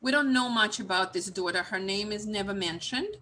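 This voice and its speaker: A woman teacher retelling a religious story in a class, halting often with fillers. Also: mid-range voice, sharp tone, a little hiss or hum.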